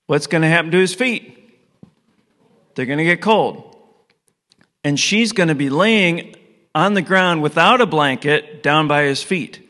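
A man's voice: on the high side, expressive, moderate pace, sharp tone. A middle-aged man preaching a conversational sermon, telling a story and asking his listeners questions. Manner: casual, storytelling, asks the audience questions. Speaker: pastor. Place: church hall with an audience. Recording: long hall reverb.

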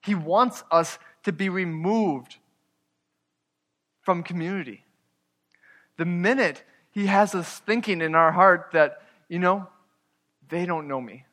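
A man preaching a sermon as pastor, earnest, moving between loud emphasis and quiet, hushed asides. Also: sits high, slow, pauses often, in a large hall.

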